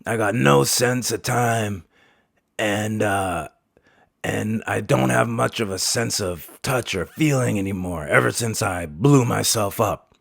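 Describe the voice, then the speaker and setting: A man's voice: fairly low pitch, takes it slowly, creaky, no room sound, clean studio sound, voice pushed up, full character voice. A man voicing a frail old male customer who talks bluntly and nonchalantly. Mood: matter-of-fact.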